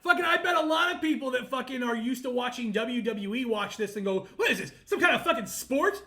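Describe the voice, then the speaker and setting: Loud sweary podcast guy, super high voice, gravelly edge, yells a lot. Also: expressive, a little fast. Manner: profane, loud ranting with frequent shouting. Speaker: podcast co-host. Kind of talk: casual podcast chat.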